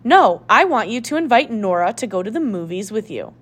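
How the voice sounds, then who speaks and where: A woman voicing a determined young girl sleuth in a storybook, brisk and commanding. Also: mid-range voice, big pitch swings.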